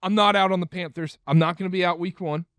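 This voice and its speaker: A man's voice: high-pitched, steady tone, quick pace, a bit bright, clear, resonant tone, dry recording. Podcast host, male, emphatic and repetitive, dry close mic. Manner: emphatic, repeats himself. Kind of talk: casual sports chat.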